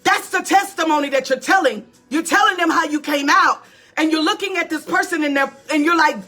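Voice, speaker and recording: A woman's voice: high voice, a little fast, bright, forceful tone. A woman pastor giving an emphatic, preaching-style motivational talk, repeating lines and calling out to her listeners.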